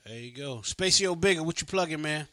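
A man's voice: a little high, quick pace, pushed and bright, dry recording. A man hosting a casual online radio show, laid-back and slangy, laughing easily. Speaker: host.

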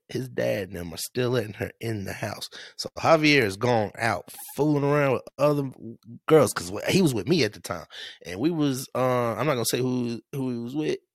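A man's voice: mid-range voice, vocal fry, no echo. A man tells a story on a casual podcast, swearing freely and acting out every quote. His voice swings up and down. The sound is dry and close to the mic. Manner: animated, profane, laughing, acts out quotes. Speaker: podcast host.

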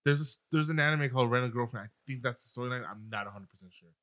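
A man's voice: medium pitch, a bit bright. A man co-hosting a casual podcast, hedging and filling his talk with "like". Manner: quick, hedging with "I think", lots of "like". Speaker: podcast co-host. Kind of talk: casual chat.

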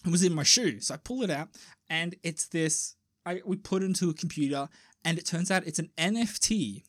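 A man's voice: fairly high pitch, brisk, no room sound, clean studio sound. A man co-hosting a casual podcast, joking and slipping into put-on voices. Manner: animated, jokey, slips into put-on voices. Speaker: podcast co-host. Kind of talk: casual chat, retelling a dream.

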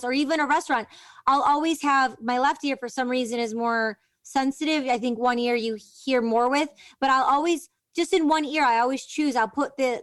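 A woman's voice: high-pitched, fairly bright tone, no room sound. A woman hosting an interview, telling a long, rambling personal story in a loose, chatty way with many fillers. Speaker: podcast host. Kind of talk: casual interview chat.

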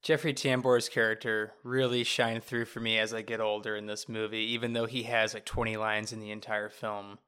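A man's voice: lowish voice, level tone, moderate pace, few pauses, pushed and bright, smooth. A man co-hosting a casual movie podcast, speaking with enthusiasm and laughing as he goes. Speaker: podcast co-host.

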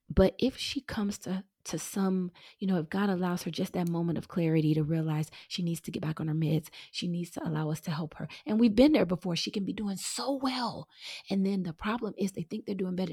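A middle-aged woman hosting her own show, talking earnestly and warmly to listeners she calls y'all, sometimes dropping to a breathy near-whisper. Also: lowish voice, no echo, studio quality. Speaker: podcast host. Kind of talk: heartfelt casual monologue.

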